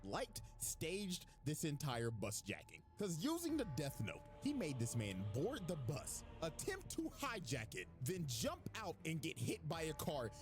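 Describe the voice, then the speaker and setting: A man's voice: a little high, wildly swooping pitch, a little slow, hardly any pauses, over music. A man hosting a reaction channel, telling a crude, jokey comedic recap of an anime plot.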